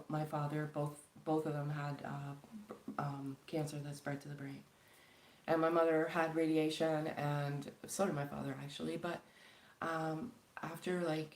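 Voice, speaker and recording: A woman's voice: deep voice, a little mellow, echoey room, low-quality recording. A woman from Canada talking casually and earnestly on a live stream, rambling with many fillers and pleading at times. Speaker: spiritual channel host.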